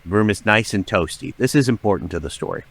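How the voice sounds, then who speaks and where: A middle-aged man, a podcast guest, telling a story with lots of swearing and dramatic acted-out shouting. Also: lowish voice, quick pace, vocal fry, no echo. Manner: profane, dramatic, acts out his own shouting. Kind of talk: animated storytelling.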